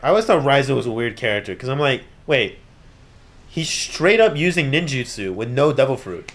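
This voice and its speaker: A man talks through an anime episode in loose, casual reaction commentary. His voice sits at an ordinary pitch but swoops widely, dropping to mumbled asides and then jumping up into loud shouted outbursts, often broken by laughter. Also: expressive, moderate pace.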